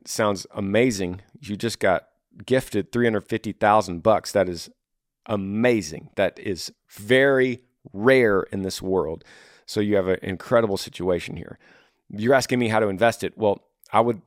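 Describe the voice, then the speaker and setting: A man's voice: lowish voice, no echo. Earnest male advice host, dry sound. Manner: earnest, acts out listeners' worries in voices. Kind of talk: casual advice talk reading listener emails.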